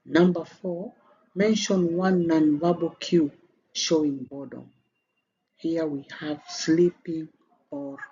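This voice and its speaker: A man's voice: on the high side, a little mellow. A man with a Kenyan English accent, teaching an exam revision lesson step by step and lifting his voice at each new question. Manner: explains step by step with a rising, emphatic lift at each new question. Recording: slightly dull, with faint background noise.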